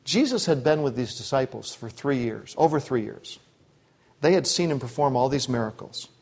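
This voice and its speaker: A pastor with a medium-pitched, slightly mellow voice preaches an expository sermon at a moderate pace. His delivery is expressive and conversational, with asides and quotes he acts out.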